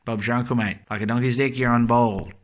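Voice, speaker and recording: A man's voice: medium pitch, fairly even intonation, brisk, close to an everyday voice. A man putting on a broad, laid-back Australian bloke who rambles cheerfully in slang. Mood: carefree.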